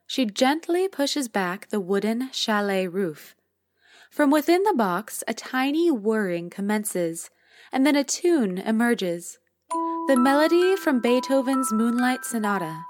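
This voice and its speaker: Brief: gentle woman storyteller, animated pitch, dry close mic, soft music bed. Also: dry recording. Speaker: story reader. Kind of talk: first-person story narration.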